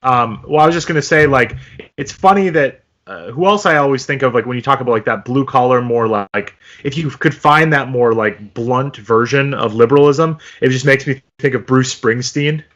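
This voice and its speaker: A man's voice: mid-range voice, moderate pace, fairly bright tone. A man co-hosting a podcast in casual chat, rambling and leaning heavily on filler words. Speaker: podcast co-host. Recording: slightly dull lo-fi audio.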